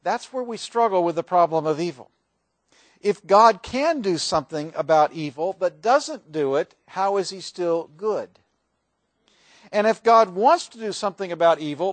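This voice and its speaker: A man's voice: sits high, no echo. A man preaching a sermon as a pastor, earnest, dramatizing quoted prayers with rising intensity.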